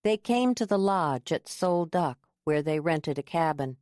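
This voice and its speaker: Low-voiced woman narrating a novel. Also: animated, measured pace, darkish tone, dry recording, clean studio sound. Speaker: audiobook narrator. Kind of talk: scripted narration.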